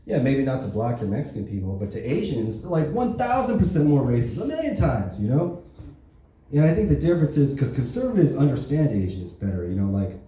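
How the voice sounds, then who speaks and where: Profane stand-up comic in an echoey club. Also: male voice, medium pitch, sing-song, brisk, dark tone, slight background noise. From Korean heritage. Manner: profane, conversational, keeps asking "right?" and "you know?". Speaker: stand-up comedian. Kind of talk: open mic stand-up set. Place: comedy club open mic. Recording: echoey room, mic heard from a distance.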